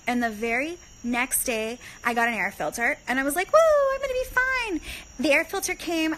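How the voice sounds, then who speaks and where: A woman's voice: a little high, a bit bright, slight background noise, rough recording. A woman hosting a casual spiritual livestream on her phone, breezy and chatty, swearing freely and saying "like" a lot. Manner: breezy, chatty and profane, with lots of "like". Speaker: livestream host. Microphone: phone camera on a live stream.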